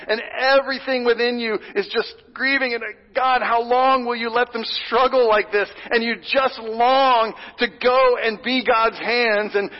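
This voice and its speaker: A man's voice: high voice, highs cut off. Earnest male pastor preaching in a hall. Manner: earnest, swinging from loud pleading to hushed whispers. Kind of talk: sermon.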